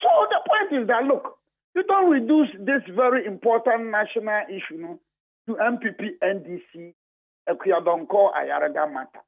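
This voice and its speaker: A man's voice: sits high, expressive, moderate pace, vocal fry. A Ghanaian man, a party official, speaking emphatically and repetitively as a radio guest, switching between English and Twi. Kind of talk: heated radio phone-in talk. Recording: phone-line audio.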